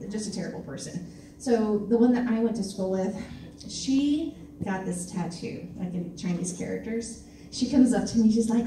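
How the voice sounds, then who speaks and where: A woman's voice: mid-range voice, noisy background. Dry-spoken woman comic in an echoey club. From Missouri, USA. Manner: dry, self-deprecating delivery with pauses and fillers. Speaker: stand-up comedian. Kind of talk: stand-up comedy set. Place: comedy club stage. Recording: echoey club room, mic from a distance, faint ambience.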